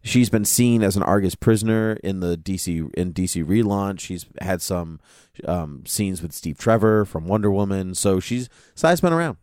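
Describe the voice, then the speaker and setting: A man co-hosting a podcast in casual chat, chatty and quick to laugh and sing a line. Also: deep voice, darkish tone, smooth, dry recording, clean studio sound. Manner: chatty, breaks into song and laughter. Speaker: podcast co-host.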